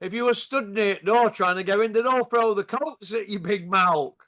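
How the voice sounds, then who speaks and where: A man's voice: high voice, moderate pace, a bit bright. A man with a Yorkshire accent delivering a sarcastic, taunting rant to camera, full of rhetorical tag questions. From Yorkshire, England. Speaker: channel host.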